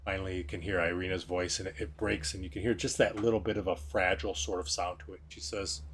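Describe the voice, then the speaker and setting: A man's voice: deep voice, steady tone, a little fast, a bit bright, husky. A man narrating a tabletop game as game master, describing scenes in a loose, descriptive way.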